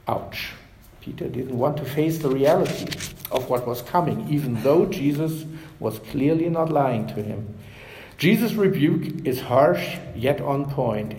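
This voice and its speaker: A male pastor preaching a measured sermon. His voice drops softly at the ends of phrases. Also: medium pitch, roomy sound, a little hiss or hum, poor audio.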